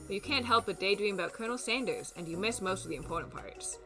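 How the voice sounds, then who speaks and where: A woman's voice: mid-range voice, expressive, quick pace, few pauses, bright, forceful tone, soft background music. A young woman streamer reading a dating game's text aloud, adding playful, wry asides.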